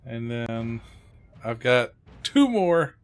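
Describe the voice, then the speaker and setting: A man's voice: mid-range voice, big pitch swings, extremely slow, smooth. A man playing a tabletop role-playing game, talking in a rambling, hesitant way with many fillers. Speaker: player. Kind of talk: casual tabletop play.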